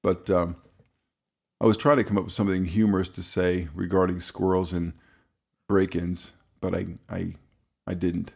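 A man co-hosting a casual podcast, rambling and halting, laughing easily and stumbling over words. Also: sits low, little pitch movement, vocal fry, a little mellow, husky. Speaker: podcast co-host. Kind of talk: casual chat.

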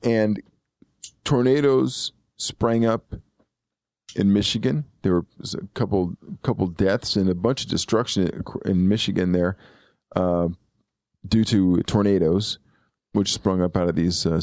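Gravelly low-voiced man hosting a chat. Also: unhurried, a little mellow, no echo, clean studio sound. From eastern Pennsylvania. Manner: rambling, self-correcting, chuckling. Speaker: podcast host. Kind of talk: casual chat.

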